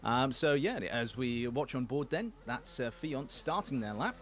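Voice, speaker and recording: A man's voice: medium pitch, lively intonation, moderate pace, a bit bright, slight background noise. A man commentating a sim racing league broadcast in a chatty, self-deprecating way, with frequent fillers. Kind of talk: esports race commentary.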